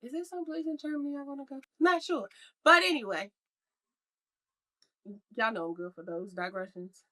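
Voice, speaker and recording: A woman's voice: high voice, animated, moderate pace, bright, forceful tone. A woman co-hosting a podcast in casual chat, rambling and playful, laughing often. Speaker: podcast co-host.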